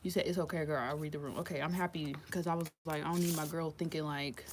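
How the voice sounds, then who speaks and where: A woman gives a casual live-stream tarot reading. She talks bluntly, swears freely and laughs often. Her voice sits slightly low. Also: steady tone, quick pace, a little hiss or hum. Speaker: tarot reader.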